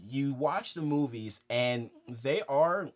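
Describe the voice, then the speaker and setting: A young man co-hosting a casual film podcast, animated and laughing as he makes his points. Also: medium pitch, slow. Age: young adult. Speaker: podcast co-host.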